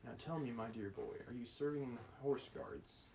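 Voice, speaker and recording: A man's voice: medium pitch, normal speed, noisy background, close to an everyday voice. A man reading the part of a stern, domineering old prince, brusque and scolding. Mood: probing.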